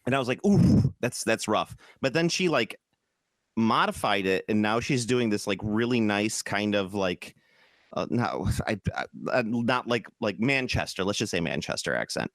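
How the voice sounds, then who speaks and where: Midwestern man, podcast co-host, lively swinging delivery, dry close mic, swears a lot. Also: lowish voice, moderate pace, no room sound. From American Midwest. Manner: animated, profane, jokey, slips into mock British voices. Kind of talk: casual chat.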